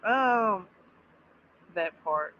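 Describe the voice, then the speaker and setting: A woman chatting casually on a livestream, reacting with bursts of excitement and drawn-out exclamations. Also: mid-range voice. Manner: animated, exclaiming, drawn-out repeats. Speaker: streamer reacting to a series. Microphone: streaming mic. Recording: slightly dull audio with faint background noise.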